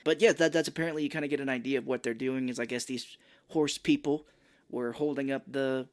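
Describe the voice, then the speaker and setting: A man's voice: medium pitch, fairly even intonation, a little fast. A man co-hosting a film podcast, chatting casually in a rambling, jokey way and laughing often. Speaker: podcast co-host. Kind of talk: casual movie review chat.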